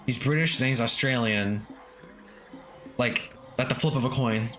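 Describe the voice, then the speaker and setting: An unhurried man with a mid-range, slightly bright voice streams games. He keeps the talk casual, reads the chat aloud, swears freely and chuckles often over faint lofi background music.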